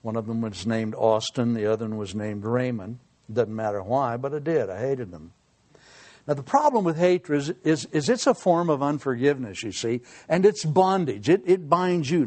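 Lively, folksy preacher man. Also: mid-range voice, moderate pace. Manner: folksy, humorous, drops to a quiet tone for serious points. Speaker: pastor. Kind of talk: sermon.

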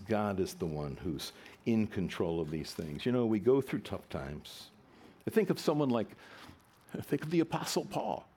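A man preaching a sermon, swinging between loud emphatic lines and soft, low ones.

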